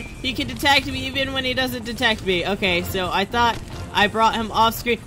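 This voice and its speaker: A man's voice: high voice, normal speed, music in the background. A young man giving let's play commentary, yelping and screaming in frustration between self-mocking rants. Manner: excitable, frequent yelps and frustrated screams. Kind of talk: gameplay commentary.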